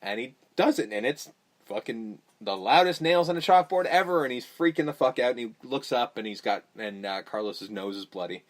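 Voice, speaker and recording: A man's voice: medium pitch, normal speed. A man hosting a podcast, recapping a horror movie in casual, profane chat and acting out characters' lines as he goes. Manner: animated, profane, mimics characters mid-story. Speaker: podcast host.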